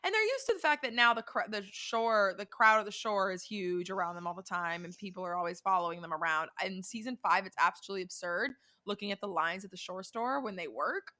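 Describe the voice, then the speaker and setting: A young woman co-hosting a podcast in a casual, animated chat, often restarting her sentences and swearing. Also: mid-range voice, brisk, hardly any pauses. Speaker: podcast co-host.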